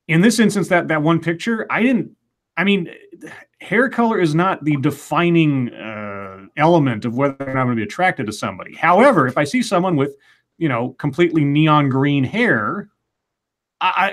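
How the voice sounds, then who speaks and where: A man's voice: on the high side, fairly bright tone. A man co-hosting a casual podcast chat, reasoning things through with hedges and restarted sentences.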